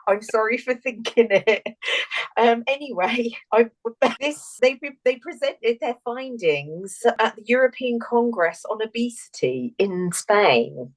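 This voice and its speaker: A woman's voice: a little high, animated, measured pace, low-quality recording. A woman co-hosting a casual podcast, laughing often and tripping over her words. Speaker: podcast co-host. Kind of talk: casual chat.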